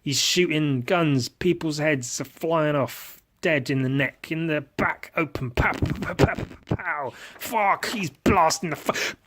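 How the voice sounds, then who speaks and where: A man's voice: fairly high pitch, slow pace, few pauses, a bit bright, a little hiss or hum. A man hosting a podcast, narrating playfully with lots of swearing and mouth-made sound effects. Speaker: podcast host and miniature painter.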